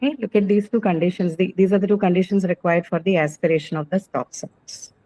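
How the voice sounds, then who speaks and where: A woman's voice: lowish voice, fairly even intonation, quick pace, mellow, low-quality recording. A woman teacher explaining a grammar point patiently in an online class, often checking in with the students. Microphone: video call.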